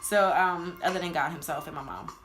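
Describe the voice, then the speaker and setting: Talking fairly quickly in a lowish voice over music, this twenty-something woman laughs often as she chats casually in a get-to-know-me video. Born in Louisiana and raised in New Jersey, she's a vlogger with a New Jersey accent.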